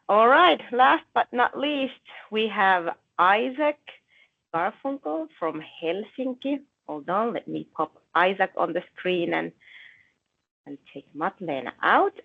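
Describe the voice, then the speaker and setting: A woman's voice: lowish voice, creaky. A woman moderating an online event, giving cheerful introductions. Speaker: webinar moderator. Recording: tinny phone-like audio.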